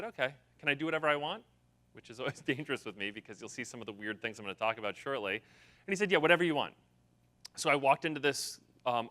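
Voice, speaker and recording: A man giving a conference keynote speech, an energetic storyteller who acts out the quotes he tells. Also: mid-range voice. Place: conference hall.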